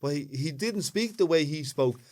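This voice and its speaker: A man with a north Dublin accent, co-hosting a casual podcast chat and telling lively stories. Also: fairly high pitch, normal speed. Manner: animated storyteller, puts on voices when quoting. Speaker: podcast co-host.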